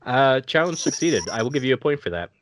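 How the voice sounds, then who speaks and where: A young man co-hosting a podcast, explaining a game in a quick, offhand, teasing way. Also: mid-range voice, sing-song. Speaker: podcast co-host, game runner. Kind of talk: casual podcast banter. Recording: dull, lo-fi mic.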